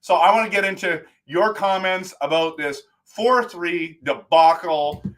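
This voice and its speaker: A man hosting a live post-game stream, ranting in an animated, exasperated way about a hockey game. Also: high voice, a little slow. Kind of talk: post-game fan talk.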